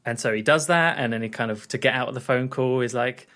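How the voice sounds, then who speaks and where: A man's voice: medium pitch, fast, a bit bright. A man co-hosting a podcast, casually recapping a film scene by scene in a rambling way, with plenty of fillers and restarts. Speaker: podcast co-host.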